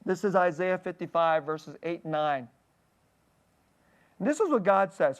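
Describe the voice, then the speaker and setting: Candid pastor preaching, halting delivery. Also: male voice, high-pitched, expressive. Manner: candid and personal, often checks in with a quick "okay?"; halting, restarting phrases mid-thought. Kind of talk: conversational sermon.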